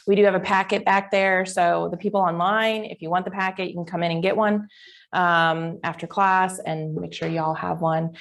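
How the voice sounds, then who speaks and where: A woman's voice: fairly low pitch, little pitch movement, normal speed. A middle-aged woman teaching a live class in a chatty, informal way that rambles off track. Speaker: real estate instructor. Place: classroom with online attendees.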